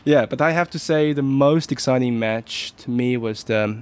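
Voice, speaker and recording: A man reporting on sports, calmly recounting game moments in a casual chat. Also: medium pitch, moderate pace, clear, resonant tone.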